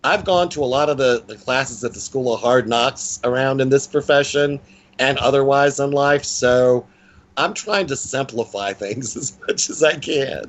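A man's voice: medium pitch, normal speed. A man in his sixties, a psychic guest in a casual interview, talking in a blunt, playful and self-mocking way. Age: 60s.

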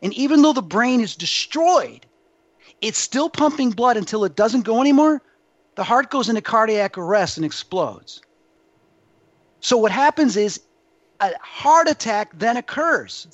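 A man being interviewed as a psychic medium, telling his story with animated emphasis. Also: extremely high pitch, measured pace, no room sound. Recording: dull dry lo-fi sound.

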